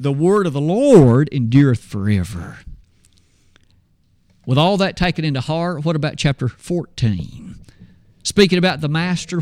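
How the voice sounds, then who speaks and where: A man's voice: fairly high pitch, darkish tone, dry recording, clean studio sound. A man preaching a sermon, posing rhetorical questions and swinging his voice up and down when he quotes scripture.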